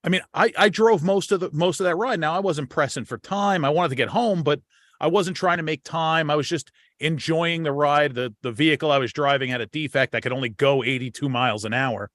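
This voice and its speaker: A slightly high-voiced American man hosts a relaxed conversation, circling back and repeating himself as he works toward a point. His voice sounds dry and close to the mic. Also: brisk, no room sound. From United States. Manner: rambling, repeats words when starting. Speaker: podcast host. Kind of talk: casual chat.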